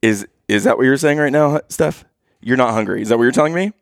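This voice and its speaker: A man's voice: mid-range voice, lively intonation, fast, creaky, no room sound, clean studio sound. A man in his thirties telling a playful, teasing family story to his listeners. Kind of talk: casual storytelling to camera.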